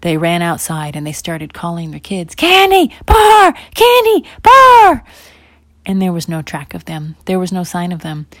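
A woman telling a children's bedtime story, animated and swinging between loud emphasis and whispers. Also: low voice, moderate pace, few pauses, dry recording.

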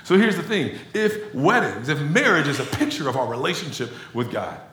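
A man preaching a sermon as pastor, talking to the congregation in an animated, conversational way. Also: on the high side, moderate pace, reverberant, slight background noise. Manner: animated conversational preaching, addresses crowd as y'all.

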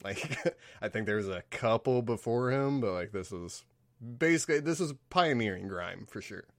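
A man co-hosting a podcast, chatting casually and agreeably, with halting restarts. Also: fairly low pitch, lively intonation, no room sound, clean studio sound. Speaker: podcast co-host. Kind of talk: casual review chat.

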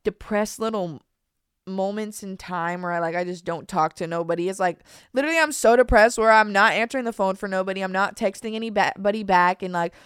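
A woman's voice: medium pitch, a little fast, fairly bright tone, clear, resonant tone, no echo, studio quality. A young woman hosting her own podcast in a casual, confessional chat that rambles with repeated restarts and casual slang. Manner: rambling, fillers and restarts, says "bro". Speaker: podcast host.

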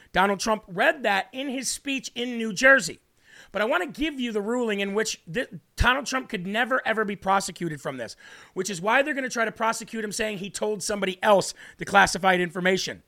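High bright combative male host. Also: expressive. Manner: combative, emphatic, addresses viewers directly; repeats points slowly for emphasis. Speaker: political commentary host. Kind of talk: political commentary monologue.

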